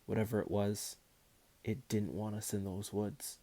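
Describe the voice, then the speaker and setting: A man reading aloud plays a serious, cautious schoolboy speaking grimly and quietly. The tone sits low and dark, restrained and steady. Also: unhurried. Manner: grim, low-key.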